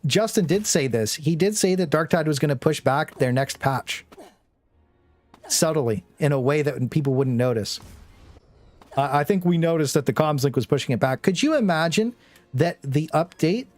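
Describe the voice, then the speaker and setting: A man's voice: on the high side, lively intonation, moderate pace, a little mellow, faint music behind. A young man casually chatting with his viewers during a game live stream, rambling and joking, often with a laugh. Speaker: gaming streamer.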